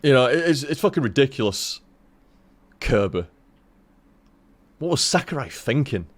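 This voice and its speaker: A man's voice: medium pitch, normal speed, no room sound. A man streaming a game, rambling casually to his chat, with lots of swearing. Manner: rambling, heavy swearing, animated.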